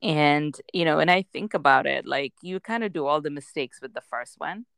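Expressive woman in her forties telling stories. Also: low voice, moderate pace, vocal fry, smooth, no echo, clean studio sound. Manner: expressive storyteller, acts out quotes, laughs often. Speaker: parent sharing experiences. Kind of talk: casual podcast chat.

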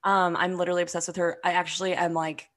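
A woman's voice: fairly low pitch, little pitch movement, quick pace, a bit bright. Eager young woman podcast host. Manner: eager, asks questions, enthusiastic. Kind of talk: casual book chat.

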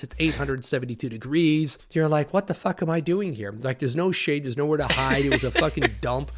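A man spins loose anecdotes from a film set, swearing freely. His voice sits at a middling pitch, and he talks in a casual, rambling way, full of fillers. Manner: rambling, profane, animated anecdotes. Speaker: actor, interview guest. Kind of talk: casual storytelling.

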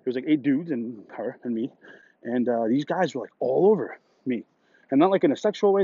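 On a muffled recording, a man hosting a podcast delivers a loose, profane monologue of stories in a brisk, mellow, slightly rough voice. He wanders from point to point and raises his pitch for quoted voices.

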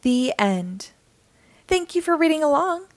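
A woman reading a children's picture book aloud in an animated, sing-song way. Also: sits high, unhurried. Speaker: storyteller.

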